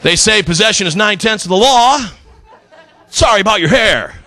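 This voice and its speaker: A man's voice: high-pitched, expressive, moderate pace, sharp tone, a little hiss or hum. A middle-aged man doing a stand-up comedy routine on a club stage, telling stories with punchy delivery and acted-out quotes.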